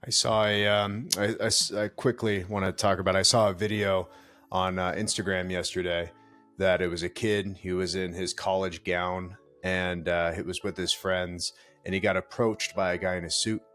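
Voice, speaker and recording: Deep-voiced man telling an earnest story. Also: flat delivery, normal speed, a bit bright, soft background music. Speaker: podcast co-host. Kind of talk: casual podcast chat and anecdote.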